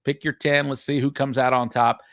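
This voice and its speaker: Upbeat host. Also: male voice, medium pitch, level tone, no echo. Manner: reads out viewer names in quick shout-outs. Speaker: livestream show host. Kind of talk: casual livestream chat.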